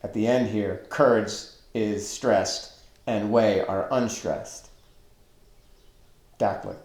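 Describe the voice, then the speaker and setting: A man teaching a webinar lecture on poetry, deliberately counting out stressed and unstressed syllables. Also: lowish voice, steady tone, darkish tone, reverberant.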